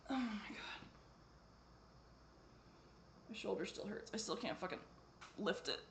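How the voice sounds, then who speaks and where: A man's voice: sits high, animated, unhurried, pauses often, a bit bright, slight background noise. Tired man muttering and swearing. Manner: rambling, heavy swearing, drifting into mutters and whispers. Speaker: vlogger. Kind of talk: rambling personal vlog.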